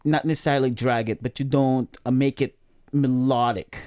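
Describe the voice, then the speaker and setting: Male podcast host, mid-pitched, chatty and rambling explainer. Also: fairly even intonation, normal speed, dark tone, a little hiss or hum. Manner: rambling explainer, many fillers and restarts. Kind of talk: casual chat.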